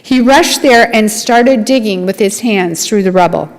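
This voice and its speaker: A woman's voice: mid-range voice, a little slow. Earnest woman preaching in a reverberant hall. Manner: earnest, dramatic storytelling with acted dialogue. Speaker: lay speaker at a congregation. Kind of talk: storytelling sermon.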